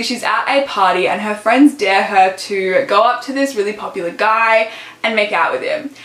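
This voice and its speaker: A woman's voice: fairly high pitch, a bit bright, roomy sound. A young woman from Australia, a book vlogger, chatting casually and gushing with lots of "like" fillers. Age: young adult. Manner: gushing, chatty, heavy use of "like". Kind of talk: casual chat.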